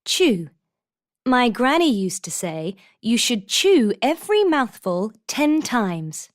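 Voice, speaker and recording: A woman reading vocabulary examples for a textbook in a clear, deliberate manner. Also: a little high, very animated. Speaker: textbook audio reader.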